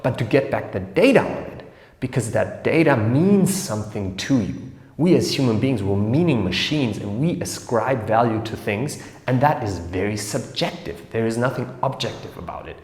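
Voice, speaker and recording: A man hosting an educational series, explaining ideas in a casual, animated way and acting out little scenes in different voices. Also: medium pitch. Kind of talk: casual explainer talk to camera. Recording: echoey room with long reverb.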